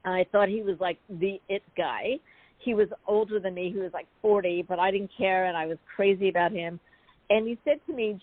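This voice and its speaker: A woman's voice: mid-range voice, a little fast, dry recording. Chatty woman storyteller on a phone line. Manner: chatty, animated storyteller with many asides. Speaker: guest, founder telling her story. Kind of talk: storytelling interview. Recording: phone-like dry call audio.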